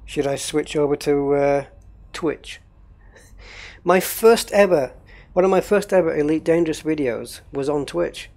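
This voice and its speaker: A man's voice: on the high side, unhurried, vocal fry, darkish tone. A man running a gaming livestream, rambling casually and thinking aloud while he troubleshoots.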